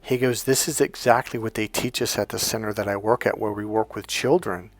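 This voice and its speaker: A man talking as a life coach, telling a story casually and acting out the dialogue with lively changes in voice. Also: fairly low pitch, fairly quick, no echo, soft background music. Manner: animated, acts out quoted dialogue.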